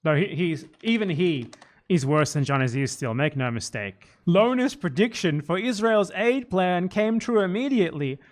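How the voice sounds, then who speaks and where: A man's voice: sits high, animated, normal speed. A man hosting a political commentary stream, talking in a heated, sarcastic way and mocking his opponents. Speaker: streamer host.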